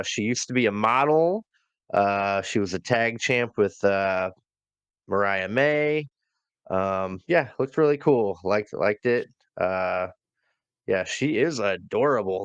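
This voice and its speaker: A man's voice: mid-range voice, smooth, no echo. A man co-hosting a casual wrestling review podcast, talking in a laid-back way with many fillers as he reads from his notes. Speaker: podcast co-host.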